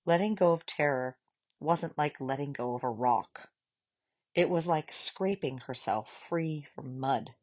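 A woman reading a children's novel aloud in a calm, measured narration. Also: low-pitched. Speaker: audiobook reader. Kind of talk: storybook narration.

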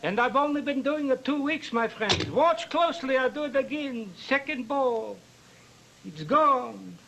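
A magician performing as an old New York conjurer with a heavy Yiddish accent, teasing the audience with singsong patter. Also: male voice, extremely high pitch, animated, a little slow, vocal fry, pushed and bright, a little hiss or hum, exaggerated voice, rough recording. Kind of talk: archival stage magic performance.

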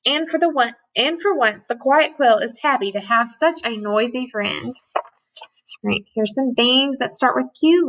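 A woman teacher giving a gentle, patient letter lesson to young children and reading a picture book aloud. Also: fairly high pitch, low-quality recording. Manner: gentle and patient, with slow drawn-out sounds.

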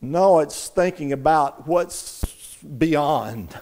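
A middle-aged man preaching a sermon as pastor, emphatic, swinging from loud stresses to hushed asides. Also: sits high, sing-song, takes it slowly.

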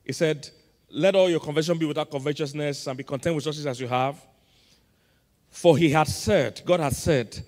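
Nigerian pastor preaching in a reverberant hall. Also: male voice, fairly high pitch, fairly quick, a little mellow. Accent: Nigerian English. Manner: call-and-response preaching, quizzing the congregation. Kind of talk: sermon. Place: large church auditorium. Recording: long reverb of a large church hall.

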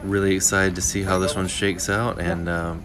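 Low steady-voiced guy, easygoing vlog host talking outside at a park. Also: moderate pace. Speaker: disc golf video host. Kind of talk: casual vlog narration. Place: outdoors at a park.

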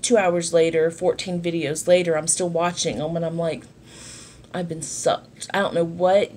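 Woman, fairly low voice, rambling casual vlog chat, lots of fillers. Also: flat delivery, normal speed, a little mellow, a little hiss or hum. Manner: rambling, chatty, many fillers and asides. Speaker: vlogger. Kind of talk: casual sit-down chat while doing makeup.

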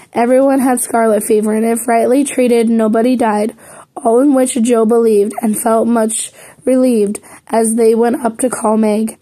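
A woman's voice: fairly high pitch, dark tone. A woman reading a classic novel aloud as an amateur audiobook narrator, with small slips that she corrects as she goes. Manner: plain reading with some slips and self-corrections. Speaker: audiobook reader.

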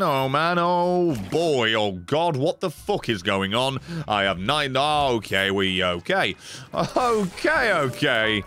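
Animated, swearing British man streaming a game. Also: mid-range voice, slow. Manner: profane, excitable, effusively thanking viewers. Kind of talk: live gaming stream commentary.

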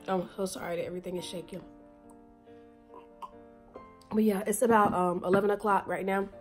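A young woman talks straight to her phone camera in a loose, chatty vlog, her voice hoarse and rough from the morning. She keeps calling her viewers y'all and laughs easily. A soft music bed runs faintly underneath. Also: medium pitch. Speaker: vlogger. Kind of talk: casual vlog chat.

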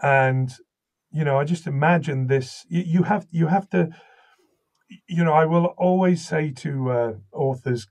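A man from Wales with a slight Welsh accent, a voice actor and audiobook narrator telling animated stories in an interview, often restarting his sentences. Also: on the high side, measured pace. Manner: animated anecdotal storytelling, many restarts. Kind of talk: interview conversation.

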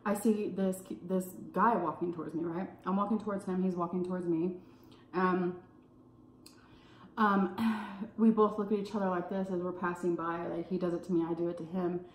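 A woman from California telling a casual story while eating, full of "like" fillers and pauses to savor her food. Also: on the low side, little pitch movement, a little hiss or hum. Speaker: food vlogger. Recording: roomy echo.

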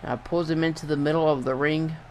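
A young man giving casual play-by-play commentary over a wrestling video game, getting excited and swearing at big moves. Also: fairly high pitch, brisk, slight background noise. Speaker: gameplay commentator.

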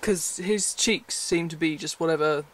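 A man's voice: on the high side, a little slow. A man chatting casually to camera from his bed, rambling and self-deprecating, often breaking into giggles. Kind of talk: casual vlog chat. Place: bedroom, in bed at night.

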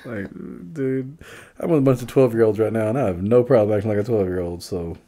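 Male podcast co-host, low voice, joking and boastful. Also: quick pace, warm tone. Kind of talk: casual chat.

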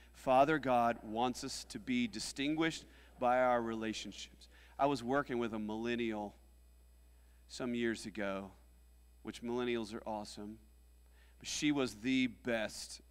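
A pastor preaching a sermon, swinging between loud rallying calls and quieter, hushed asides. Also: male voice, medium pitch. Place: church sanctuary. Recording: long hall reverb.

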